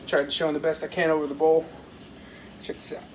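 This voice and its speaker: Speaking fast in a monotone, the man's fairly high voice comes through a rough recording with faint household noise in the background. He's a fishing vlogger making an informal cooking video in his parents' kitchen, rambling and talking right to his audience.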